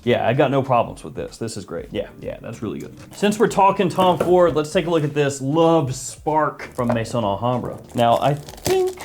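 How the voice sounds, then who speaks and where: A man hosts a casual fragrance review, chatting easily and poking fun at himself. His mid-pitched voice moves up and down a lot as he talks. A faint background hiss sits under the recording. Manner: jokey, chatty, self-mocking.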